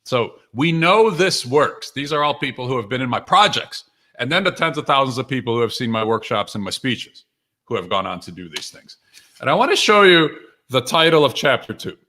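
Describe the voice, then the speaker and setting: An energetic man hosts a live stream and speaks straight to his viewers, greeting them by name. His voice is bright and forward, and his delivery is upbeat, loose and full of fillers and quick restarts. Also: mid-range voice. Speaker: author and livestream host. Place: home or office with books behind him.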